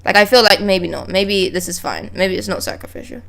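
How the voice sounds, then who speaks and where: A young woman streaming live, reading manga dialogue aloud and breaking off to react with excited exclamations and swearing. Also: mid-range voice, brisk, gravelly.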